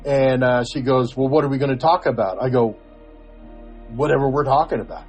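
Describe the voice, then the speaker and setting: A man's voice: medium pitch, a little fast, a little mellow, faint music behind. An older man, a podcast co-host, telling a story in casual chat, chuckling and acting out the quoted voices.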